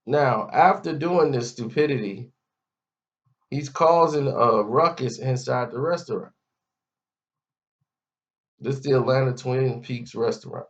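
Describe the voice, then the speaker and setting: A man's voice: mid-range voice, measured pace, pauses often. A man giving a mocking, scolding commentary rant, talking straight at the person he criticizes. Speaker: commentary vlogger. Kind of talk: ranting commentary. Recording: dull lo-fi audio.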